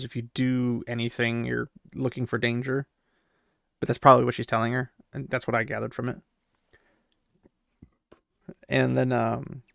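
A man's voice: mid-range voice, creaky, a bit bright, dry recording, clean studio sound. A man casually recapping a fantasy novel, chatty and opinionated, acting out characters' lines as he goes. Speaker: book recap commentator.

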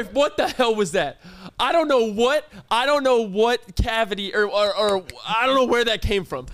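A young man in casual chat as podcast co-host, fast and teasing. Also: very high-pitched, a bit bright.

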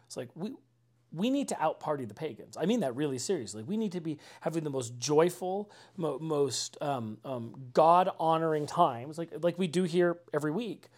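A man's voice: a little high, animated, normal speed. A man preaching an informal sermon in a conversational way, often adding "like" and "right?", earnest with dry mocking asides.

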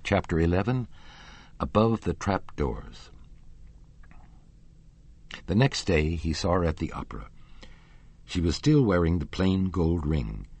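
A man narrating a classic novel as an audiobook in a measured storytelling manner. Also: sits low, darkish tone, husky, no echo. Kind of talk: scripted narration.

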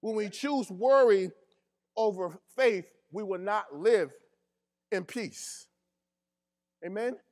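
A man's voice: high-pitched, slow, pauses often, a little mellow. A man preaching a sermon as pastor, repeating his key phrases and drawing responses from the congregation in casual, colloquial speech.

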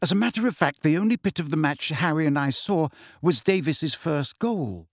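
A clever, earnest teenage schoolgirl, as a male reader puts her on, speaking briskly and firmly in a raised, lighter register. The sound is dry and close, with no room around it. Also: on the high side, lively intonation, dry recording, voice pushed up. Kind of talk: audiobook reading.

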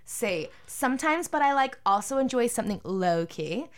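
A woman's voice: on the high side, animated, moderate pace. Australian woman co-host, playful and chatty, reads quiz answers with flair. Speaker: podcast co-host reading a quiz. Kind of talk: casual chat.

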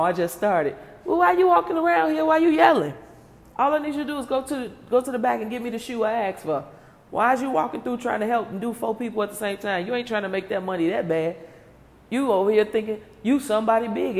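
A woman vlogger with a medium-pitched voice and big-room sound talks straight to her viewers. Her casual, comedic rant is packed with rhetorical questions and frequent laughter.

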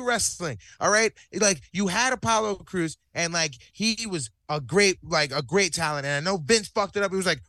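A man's voice: sits high, pushed and bright, no room sound, clean studio sound. A man co-hosting a casual wrestling chat, ranting heatedly with lots of swearing.

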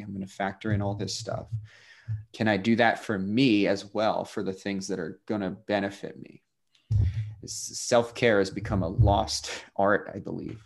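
Husky, laid-back man chatting. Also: on the low side. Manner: relaxed, laughs often, trails off quietly. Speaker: podcast co-host. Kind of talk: casual chat.

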